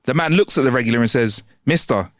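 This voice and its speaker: A man's voice: mid-range voice, rapid-fire, dry recording, clean studio sound. A man co-hosting a comedy podcast, reading jokes aloud with playful character voices and plenty of laughter. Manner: reads jokes with lively put-on character voices, laughs a lot. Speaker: podcast co-host.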